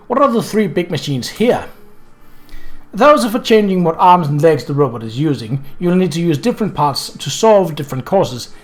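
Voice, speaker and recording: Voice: mid-range voice, darkish tone, lightly acted. A gamer voicing a chatty, reassuring college robotics student in a game.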